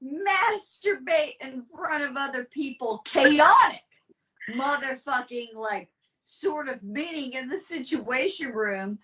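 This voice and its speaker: A woman with a very high voice co-hosts a casual podcast, talking slowly and giddily and swearing freely. She sounds a little distant from the microphone. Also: animated, sharp tone. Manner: profane, giddy, dissolving into laughter. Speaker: podcast co-host presenting the topic.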